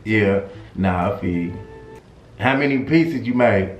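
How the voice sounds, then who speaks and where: A man's voice: lowish voice, expressive, measured pace, echoey room, a little hiss or hum. A man performing a comedic phone call skit, joking and talking in slang.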